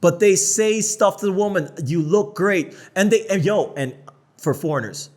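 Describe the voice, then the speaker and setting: A North American man co-hosting a podcast, talking in a blunt, profane, animated way. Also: sits high, normal speed. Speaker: podcast co-host. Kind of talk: casual podcast chat.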